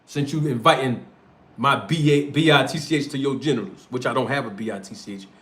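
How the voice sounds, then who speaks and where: A man's voice: medium pitch, fairly quick, a bit bright. A man with a North Philadelphia accent, hosting a livestream and ranting confrontationally in street slang. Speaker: streamer and show host. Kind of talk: heated livestream rant.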